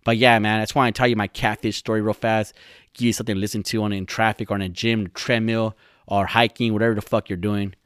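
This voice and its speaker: A man's voice: fairly low pitch, level tone, fast talker, fairly bright tone, clean tone, no echo, clean studio sound. A young man hosting his own podcast alone, rambling and swearing as he mocks his friends. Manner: profane, rambling, mocking. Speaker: podcast host. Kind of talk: solo podcast rant.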